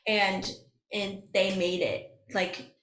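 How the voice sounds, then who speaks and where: Animated young woman telling stories, roomy sound. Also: mid-range voice, takes it slowly. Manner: animated storytelling, acts out quotes, laughs often. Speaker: guest, singing contestant. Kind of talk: casual chat. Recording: roomy echo.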